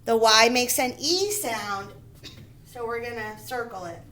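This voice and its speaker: A woman teaching young children to read, speaking at a slow, deliberate pace. Her voice sits fairly high, and she repeats each word and sounds out its syllables with care. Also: noisy background. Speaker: first grade teacher. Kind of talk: phonics lesson for young children.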